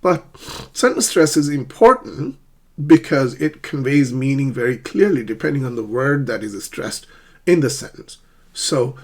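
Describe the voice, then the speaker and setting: A man teaching an English pronunciation lesson, speaking slowly and deliberately and exaggerating the stressed syllables. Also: medium pitch, animated.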